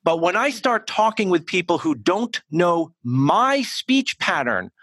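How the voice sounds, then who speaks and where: An American man in a podcast interview, coaching on speech, talking in an animated and emphatic way with frequent restarts. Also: high-pitched, measured pace, dry recording. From United States. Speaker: communication coach, guest.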